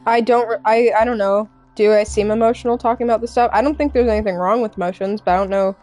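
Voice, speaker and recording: A young adult woman streaming live and chatting with viewers in a candid, earnest way, halting often with fillers and restarts. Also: a little high, steady tone, a little mellow, soft background music. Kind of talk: casual chat with stream viewers.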